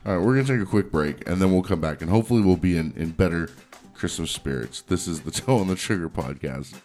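Deep-voiced man grumbling as podcast host. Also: fast talker, a little mellow, soft background music. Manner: profane, grumbling and sarcastic. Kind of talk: casual chat.

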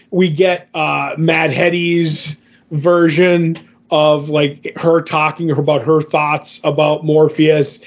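A man talking through a comic book story in loose, casual podcast chat, stopping and restarting his sentences often. His voice sits a little higher than most men's. The audio is dull and lo-fi, with the top end rolled off. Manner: rambling, many fillers and restarts. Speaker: podcast co-host.

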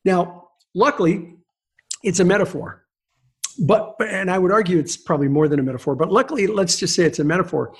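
A middle-aged man as a guest author in a podcast interview, telling stories in an animated way with quick restarts. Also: sits high, slightly rough.

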